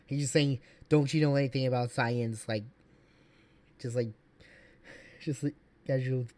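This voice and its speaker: Man, streamer, casual reaction commentary, mid-pitched, rambling, restarts. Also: steady tone, a little slow, a little mellow, slight background noise. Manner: rambling, many fillers and restarts.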